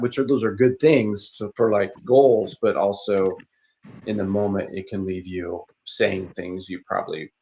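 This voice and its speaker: A man talking casually on a podcast, rambling with frequent restarts and fillers, and turning animated when he mimics other people. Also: lowish voice, measured pace. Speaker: podcast speaker. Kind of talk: casual conversational podcast talk.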